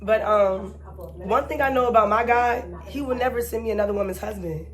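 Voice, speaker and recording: A young woman vlogger in casual chat, telling a personal story with animated, emphatic asides and exasperated repetition. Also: mid-range voice, a little fast.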